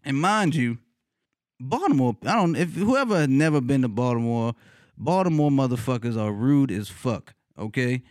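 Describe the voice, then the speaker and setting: A man casually telling a funny personal story, cursing freely, laughing often and leaping up in pitch when he retells his reactions. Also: animated, normal speed, a little mellow, no echo, studio quality. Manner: laughs often mid-sentence.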